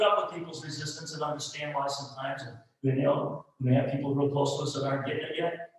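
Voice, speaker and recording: A middle-aged man preaches from a church stage in a fairly high voice, caught by a distant mic. The sanctuary's heavy echo hangs around every word. He talks plainly, moving between quiet asides and loud, emphatic peaks. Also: fairly even intonation, fast talker. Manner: conversational and frank, swinging from soft asides to loud emphatic peaks. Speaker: pastor. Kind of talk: sermon.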